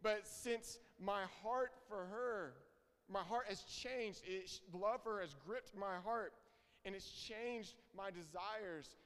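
A man's voice: high voice, slow, a bit bright, smooth. A young man preaching a sermon, earnest and emphatic, repeating his key phrases. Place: church hall. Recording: reverberant hall.

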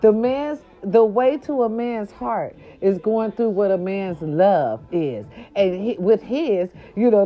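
A woman's voice: lowish voice, highs cut off. A woman over forty-five giving a sassy, profane morning recap, growling and bleeping herself in fun. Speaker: vlogger. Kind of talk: casual morning recap monologue.

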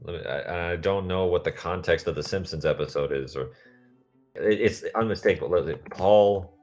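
A man's voice: deep voice, moderate pace, a little mellow, faint music behind. A man co-hosting a podcast in casual chat, rambling from tangent to tangent. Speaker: podcast co-host.

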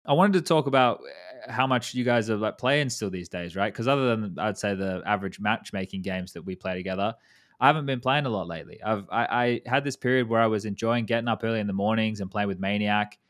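Low-voiced man in casual gaming chat. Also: a little fast, fairly bright tone. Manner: rambling, swears casually, restarts often. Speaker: podcast host.

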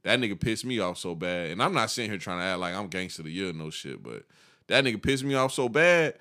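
A man's voice: deep voice, very animated, fast, pushed and bright. A man in his thirties telling a long, profane story in casual chat, laughing and acting out the people in it.

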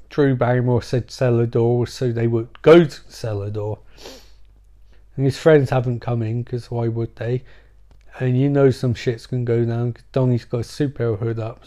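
Sweary, excitable man recapping a film. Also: mid-range voice. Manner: excitable, sweary, rambling asides. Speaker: movie recap commentator. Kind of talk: profane comedic film recap.

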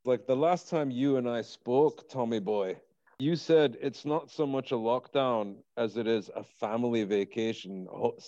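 Brief: male comedy podcast host, playful banter, mid pitch, muffled audio. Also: a little slow, dark tone, dry recording. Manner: playful, slips into put-on accents. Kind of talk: casual comedic chat.

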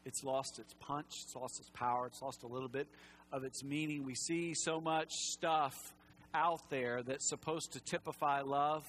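A male pastor preaching a sermon in a church, impassioned and swinging from loud to hushed, and at times close to tears. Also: medium pitch, fairly even intonation, moderate pace, a little hiss or hum, low-quality recording. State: emotional, near tears. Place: church sanctuary.

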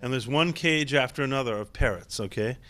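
A man, an actor guest, telling lively anecdotes in a casual interview and laughing often. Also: mid-range voice, brisk. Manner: animated, laughing raconteur.

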